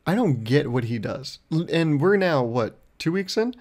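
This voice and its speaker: A man's voice: a little high, very animated, moderate pace, darkish tone. A young man hosting his own podcast, telling a rambling, profane story in a casual monologue. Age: young adult. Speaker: podcast host.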